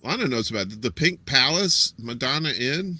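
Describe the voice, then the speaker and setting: A man's voice: mid-range voice, lively intonation, moderate pace, sharp tone, breathy edge, no echo. A man hosting a live show in casual chat, rambling and telling jokes with many fillers. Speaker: show host.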